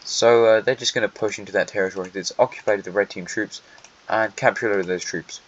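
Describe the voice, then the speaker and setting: A man's voice: on the low side, steady tone, quick pace. A man narrating an alternate history map in a casual, wry way, with dry joking asides that talk straight to the countries. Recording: lo-fi with faint hiss.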